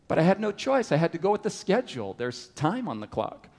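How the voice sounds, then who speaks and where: A middle-aged man preaching a sermon at a camp meeting, telling a story with animated rises and drops. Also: sits high, fairly quick. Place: large hall at a camp meeting. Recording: reverberant hall.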